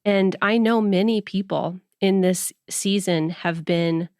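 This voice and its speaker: A woman's voice: medium pitch, fairly even intonation, slow, darkish tone, dry recording. Thoughtful woman hosting a podcast, dry sound. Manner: thoughtful, conversational, faith-centered reflection. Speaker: podcast host. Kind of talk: casual podcast conversation.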